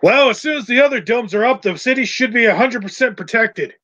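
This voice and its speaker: A man's voice: very high-pitched, expressive, a little fast, sharp tone, pitched above the performer's own voice, heavily acted. A man voicing a bossy male townsman who calls the heroes boy and kid. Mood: instructive. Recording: dull lo-fi recording.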